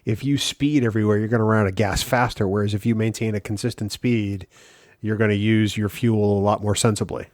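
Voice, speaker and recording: A man's voice: lowish voice, steady tone, brisk, darkish tone, no room sound, studio quality. A man co-hosting a casual podcast, thoughtful, explaining with everyday comparisons and frequent ums. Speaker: podcast co-host.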